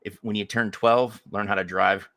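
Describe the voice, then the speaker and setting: A man's voice: on the low side, flat delivery, moderate pace, fairly bright tone, dry recording. A man co-hosting a podcast who chats casually in an emphatic, profane and sarcastic way. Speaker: podcast co-host. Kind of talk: casual chat.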